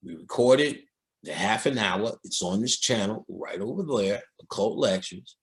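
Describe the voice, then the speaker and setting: A man's voice: lowish voice, lively intonation, a little slow. A male occult lecturer talking in a casual, streetwise and profane way, telling stories and mimicking other people's voices.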